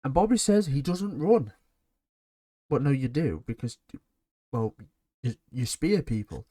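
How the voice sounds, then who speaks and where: A man's voice: medium pitch, very animated, measured pace, mellow, no room sound, studio quality. A man giving a blunt, sarcastic and rambling casual recap of a wrestling show.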